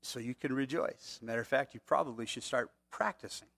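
A man's voice: mid-range voice, brisk, creaky, a bit bright. A man preaching a conversational sermon, asking the congregation rhetorical questions. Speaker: pastor.

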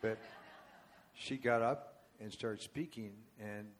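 Older guy preaching in a church, lowish voice, wanders off on side remarks and talks to the crowd. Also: slow. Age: 70s. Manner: rambling and conversational, asides to the congregation. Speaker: guest speaker and worship leader. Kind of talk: storytelling sermon. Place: church before a congregation.

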